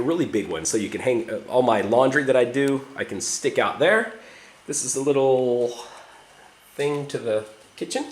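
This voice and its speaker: A man talks on in a loose, rambling, chatty way, swearing casually as he tours a small apartment. His voice sits at an ordinary pitch and sounds a little distant from the camera mic. The room around him is strongly echoey, with a faint hum of ambience. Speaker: vlogger. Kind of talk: casual vlog chat and apartment tour.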